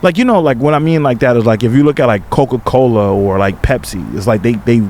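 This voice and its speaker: Hesitant, reflective man, mid pitch. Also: fast, darkish tone, a little hiss or hum. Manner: reflective, hesitant, repeats words, lots of 'you know'. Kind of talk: candid podcast conversation.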